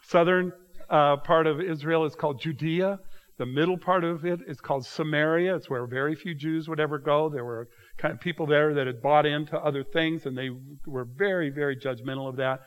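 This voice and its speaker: A man's voice: a little high, steady tone, a little fast, low-quality recording. A man preaching a conversational, teacherly sermon that walks listeners through a Bible passage. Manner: conversational, teacherly, often asks "okay?". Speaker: pastor. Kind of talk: expository sermon.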